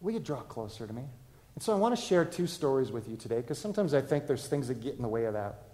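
A man, preaching a sermon to a congregation in a relaxed, conversational way, often asking them questions. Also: mid-range voice, quick pace. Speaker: pastor. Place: church, in front of a congregation.

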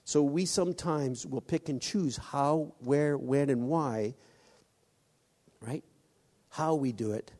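A man preaching a sermon, halting often with restarts and acting out quoted voices. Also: mid-range voice, a little mellow. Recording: long hall reverb.

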